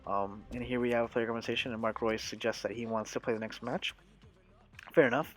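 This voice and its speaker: A man's voice: mid-range voice, steady tone, a little fast, soft background music. A young man hosting a gaming channel, giving casual, upbeat let's-play commentary and talking straight to his viewers.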